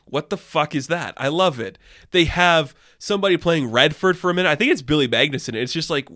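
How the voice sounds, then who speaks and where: A man's voice: a little high, animated, fairly quick, bright, forceful tone. A man giving a casual review, exasperated, sarcastic and swearing often. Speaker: video reviewer.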